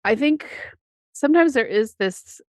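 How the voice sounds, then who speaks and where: A woman's voice: fairly high pitch, animated, measured pace, darkish tone, no room sound, clean studio sound. A woman co-hosting a podcast in casual chat, a coach who laughs often and talks with many fillers.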